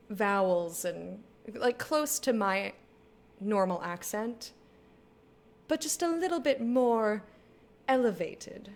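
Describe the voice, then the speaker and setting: A woman's voice: on the high side, lively intonation, slow pace, long pauses. A woman in her thirties chatting casually as she plays a game, laughing often and reading lines aloud. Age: 30s. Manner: chatty, giggly, reads game text aloud. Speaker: gaming streamer. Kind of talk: casual let's play commentary.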